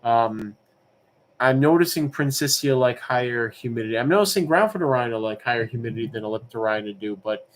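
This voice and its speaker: A man with a mid-range voice hosts a live-streamed auction in a casual, rambling style. He wanders easily between answering viewers' questions and calling the lots, and a faint hum of noise sits under his voice. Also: mid-range voice. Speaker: livestream auction host.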